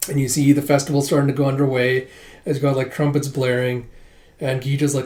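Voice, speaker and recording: A man's voice: mid-range voice, flat delivery, fast talker, a little mellow. A man doing a casual readthrough of a comic, retelling the scenes loosely with plenty of fillers. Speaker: comic reader. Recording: echoey room.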